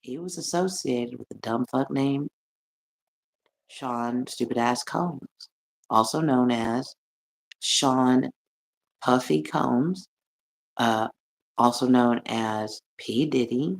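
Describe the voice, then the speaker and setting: A middle-aged American woman ranting on her livestream, brash and profane, laughing often and swinging between loud and soft. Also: extremely low pitch, slow, vocal fry, pauses often. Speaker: livestream host. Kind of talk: rambling livestream rant.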